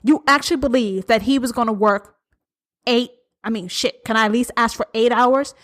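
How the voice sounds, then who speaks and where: A woman's voice: on the high side, normal speed, a bit bright. A woman hosting a podcast, delivering a heated, profane, sarcastic political rant. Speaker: podcast host.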